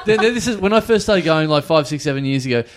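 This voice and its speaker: A man's voice: a little high, lively intonation, fast talker, crowd noise. Brief: male co-host, meandering anecdotes. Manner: rambling, repeats himself. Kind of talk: casual chat.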